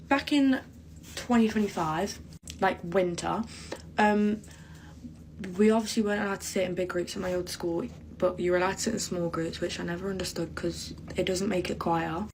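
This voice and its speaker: A woman's voice: medium pitch, fairly even intonation, normal speed, slight background noise, rough recording. A teenage girl telling a storytime in casual chat, chatty and rambling with many fillers. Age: teens. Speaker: vlogger.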